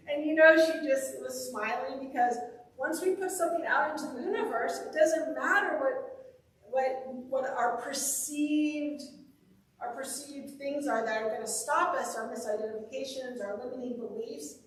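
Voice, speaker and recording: A woman's voice: sits high, moderate pace, slight background noise. A woman minister giving a conversational, upbeat sermon full of personal stories. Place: church sanctuary. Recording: echoey hall, voice from far off.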